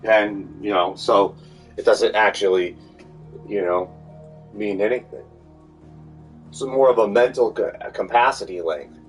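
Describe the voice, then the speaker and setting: A man's voice: on the low side, unhurried, pauses often. A man talking in a meandering monologue, full of fillers and restarts. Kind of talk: rambling monologue. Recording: distant mic with faint music.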